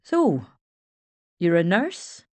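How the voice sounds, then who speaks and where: Shy young Scottish man, voiced by a woman narrator in a storybook; hesitant, quiet and mild, lowered voice. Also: wildly swooping pitch, extremely slow, no echo, heavily acted. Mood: awkward.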